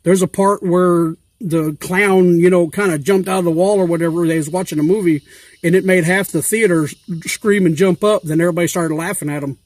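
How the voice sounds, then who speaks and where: A man with a fairly high voice chats on and on in a loose, rambling vlog style, full of fillers and homespun grammar. The sound is dry and close, with no room echo. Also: fairly even intonation, a little fast. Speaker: YouTuber asking giveaway questions. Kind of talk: casual rambling vlog talk.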